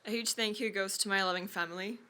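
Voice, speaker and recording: A woman's voice: medium pitch, fairly even intonation, fast talker, pushed and bright. A young woman in her late teens giving a heartfelt graduation speech, thanking her family and friends. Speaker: graduating student. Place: outdoor graduation ceremony.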